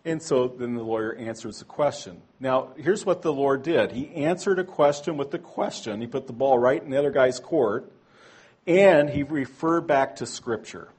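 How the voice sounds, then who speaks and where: A man's voice: mid-range voice, moderate pace, a little mellow, husky. A man teaching a church training class in a conversational way, tossing in rhetorical asides and correcting himself aloud. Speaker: Bible teacher.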